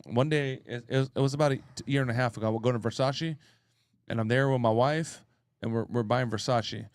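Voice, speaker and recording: A man's voice: mid-range voice, a little fast, no room sound. Profane, emphatic man repeating himself. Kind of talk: casual podcast chat.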